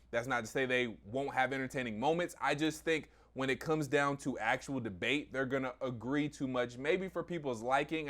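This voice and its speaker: A man's voice: medium pitch, a bit bright. A man, a sports radio personality, debating sports media in a confident, emphatic, point-by-point way.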